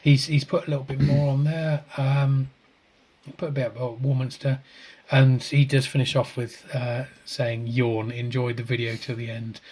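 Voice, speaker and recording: A man with an ordinary mid-range voice co-hosts a relaxed podcast over a video call. He reads viewer comments aloud with frequent chuckles, and he trips over and restarts his sentences. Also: medium pitch, normal speed, breathy edge. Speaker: podcast co-host. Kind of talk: casual chat, reading out viewer comments.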